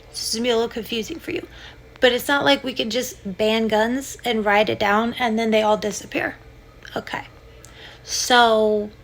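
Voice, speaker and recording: This young woman from the United States rants comedically on her podcast, sarcastic and confrontational toward her listeners. Her voice is a little high and creaky, with a fairly bright tone.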